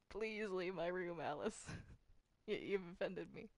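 A woman's voice: lowish voice, takes it slowly, dry recording. Woman doing Bendy, teasing, stuttering ink demon. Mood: offended. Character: mischievous young male cartoon ink demon. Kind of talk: fan voice roleplay.

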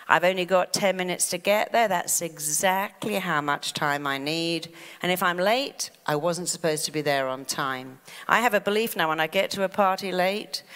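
A woman's voice: lowish voice, fairly bright tone. A woman giving a motivational stage talk, acting out quoted inner voices. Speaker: speaker. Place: stage in a large hall. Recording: long hall reverb.

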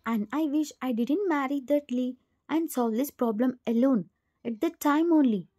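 Woman voicing a guilty middle-aged mother, soft and apologetic, high warm voice. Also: moderate pace. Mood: remorseful. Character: middle-aged remorseful mother, gentle and sorrowful.

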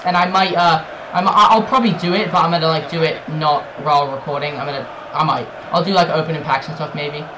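A young man doing loud gameplay commentary for a football video game, swearing and shouting at the players. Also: a little high, background noise. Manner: excitable, swears a lot, yells at the game. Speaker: gaming YouTuber. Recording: game music playing behind. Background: soccer game music and commentary.

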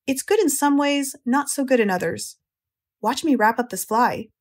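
A woman voicing a kindly, clever female spider in an audiobook, calm and a little fancy in her speech. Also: high voice, moderate pace, pitched above the performer's own voice.

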